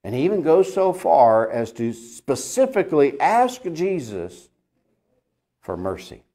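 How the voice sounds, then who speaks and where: A man preaching a sermon lesson, earnest and emphatic, asking his listeners rhetorical questions and swinging between loud peaks and quiet lines. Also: fairly high pitch, big pitch swings, a little slow. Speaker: pastor.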